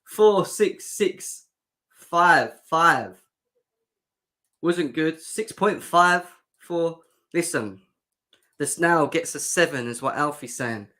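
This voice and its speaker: A man's voice: fairly high pitch, animated, slow, long pauses, sharp tone. Young male livestream host; casual, sarcastic, banters with the chat. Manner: sarcastic, joking, reads out chat comments. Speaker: fan show host. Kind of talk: livestream football reaction chat.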